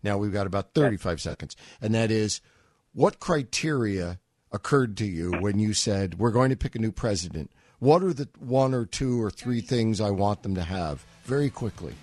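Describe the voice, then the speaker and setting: A man's voice: on the low side, animated, darkish tone, dry recording. Wordy talk radio host man. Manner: wordy, brisk, wry.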